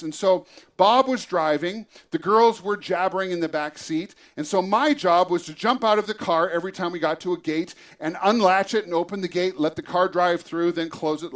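A man, a pastor, telling a lively personal story in a church sermon and acting out the scene. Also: high-pitched.

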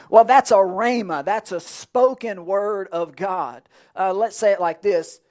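Male pastor, high voice, animated sermon delivery with sudden drops to a near hush. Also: fairly quick. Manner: animated preaching, swings from loud to hushed. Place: church.

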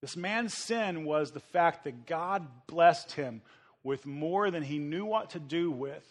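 A man from the United States delivers a sermon from the pulpit, animated and lively. He slips into the voices of the people in his story as he preaches. His voice sits fairly high for a man. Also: takes it slowly. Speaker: pastor.

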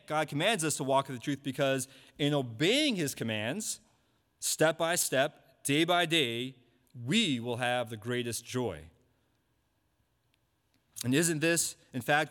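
A man preaching a sermon, asking rhetorical questions and repeating key points slowly. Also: a little high, lively intonation, a bit bright. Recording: long hall reverb.

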